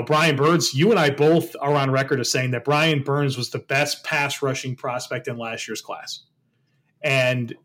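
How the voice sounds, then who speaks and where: A man co-hosting a football podcast, chatting casually and giving confident, animated analysis. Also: medium pitch. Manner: confident, animated football analysis, calls his co-host "brother". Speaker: podcast co-host. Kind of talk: casual sports podcast chat.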